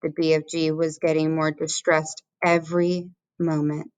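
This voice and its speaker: A teacher reading a children's book aloud in a measured storytelling manner. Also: female voice, low voice, little pitch movement, smooth, dry recording.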